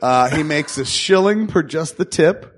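A man's voice: on the high side, lively intonation, a little slow. A man running a tabletop game as game master, joking crudely and chuckling through his own setups.

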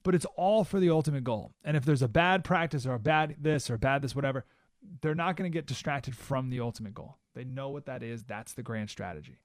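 Speaking a little fast in a mid-range voice, a talk radio host in the studio runs an emphatic monologue, piling up rhetorical questions and repeatedly asking "right?". The recording is dry.

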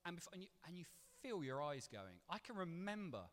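A man's voice: fairly high pitch, fairly quick. Guy preaching in church, chatty and playful, voice jumps all over, big echoey hall. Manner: conversational and animated, with playful asides. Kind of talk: sermon. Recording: long reverb of a church hall.

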